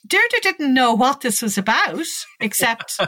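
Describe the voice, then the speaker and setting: An older woman with an Irish accent telling a personal story in an interview, growing animated as she recalls conversations. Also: sits high, measured pace, no room sound. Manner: animated, lively when recalling dialogue.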